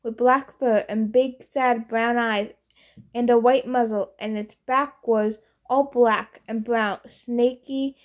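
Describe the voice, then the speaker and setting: A woman narrating a novel in first person, in a casual, expressive teenage tone. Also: fairly high pitch, slow. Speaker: audiobook narrator.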